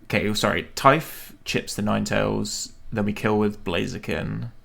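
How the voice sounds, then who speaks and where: A man's voice: on the low side, steady tone, normal speed, gravelly, a bit bright. A man streaming a video game, thinking aloud and questioning himself as he plans a battle. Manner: musing, self-questioning, hesitant.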